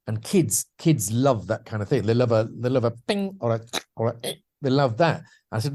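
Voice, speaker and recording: Brief: man from the Scottish Borders, guest voice actor, animated storyteller who drops into voices, middle pitch. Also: fast. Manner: lively anecdotes, slips into voices and animal noises. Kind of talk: casual interview storytelling.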